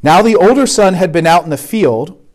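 A man's voice: high voice, expressive, moderate pace, darkish tone. A man giving a conversational sermon at a retreat, often checking in with "right?". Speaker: retreat speaker. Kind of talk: sermon talk.

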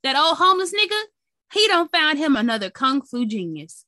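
A woman co-hosting a casual movie podcast, animated and swearing freely as she retells plots. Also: sits high, brisk, no room sound, studio quality. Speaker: podcast co-host. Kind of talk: casual chat.

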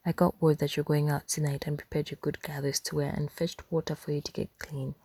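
A dutiful young handmaiden speaks politely and quietly, as a woman whispers her lines. The whispered role-play is low and gravelly with a dry sound. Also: little pitch movement, brisk, no room sound.

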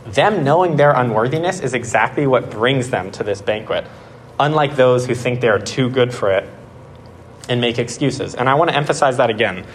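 A young man preaches in a relaxed, chatty way and tells a personal story with growing excitement. His voice sits at an ordinary pitch and is full of "like"s. A faint hiss of room noise sits behind him. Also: normal speed. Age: 20s. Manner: animated storytelling, many "like"s. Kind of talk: casual sermon.

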